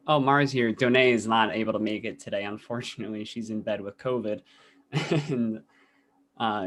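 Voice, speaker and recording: A man casually moderating an online panel, relaxed and quick to laugh. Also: fairly low pitch, a little hiss or hum. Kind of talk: casual live video panel chat.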